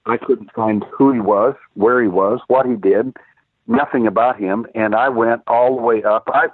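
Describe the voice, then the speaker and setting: With a mid-range, breathy voice, fairly even intonation and a moderate pace, an older man calls in to tell casual stories. Once a cop and now a private investigator, he rambles with frequent fillers and restarts, and the tinny phone line carries no echo.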